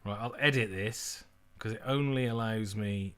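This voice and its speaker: A middle-aged English man hosting a livestream, chatting casually and telling lively stories while answering viewer questions. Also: lowish voice, normal speed, smooth. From England. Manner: chatty, animated storytelling, reads viewer questions aloud. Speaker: livestream host.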